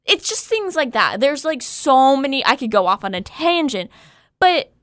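A woman's voice: high voice, sing-song, moderate pace, no echo, clean studio sound. A woman talking frankly and animatedly in a casual podcast chat, swearing freely.

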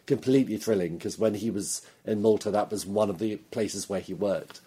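A man's voice: fairly low pitch, moderate pace, warm tone, slightly rough. A man, a novelist being interviewed, talking in a thoughtful, detailed way and laughing easily. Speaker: novelist guest. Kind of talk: interview conversation.

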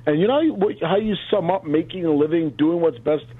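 A man's voice: fairly high pitch, fairly quick, husky. A man speaking fervently and emphatically in heated political talk as a guest on the line. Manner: fervent, emphatic rally-style delivery. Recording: tinny phone line.

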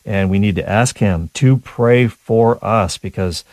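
A man hosting a talk radio show, telling stories in a casual, animated way with frequent restarts and small chuckles. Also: lowish voice, measured pace, no echo. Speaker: radio host.

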